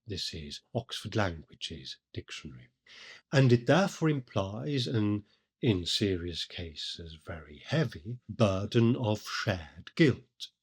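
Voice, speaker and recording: Slow, measured male literary commentator. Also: lowish voice, sing-song, husky. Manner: measured, deliberate explanation. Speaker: podcast host.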